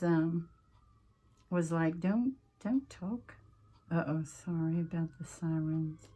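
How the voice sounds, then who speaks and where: Slow, husky Southern woman crafting. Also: on the low side. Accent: Southern American. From Southern United States. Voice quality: slightly husky, clears throat often. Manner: chatty, homey, drifts off topic mid-craft. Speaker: crafting channel host. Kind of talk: casual craft-along chat.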